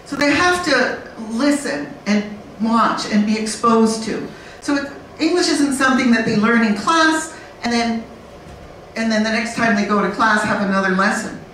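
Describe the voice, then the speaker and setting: A woman speaking on a conference panel in a lively, blunt way, acting out learners and babies. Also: on the high side, normal speed. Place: conference room. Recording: very echoey room from far off, faint noise.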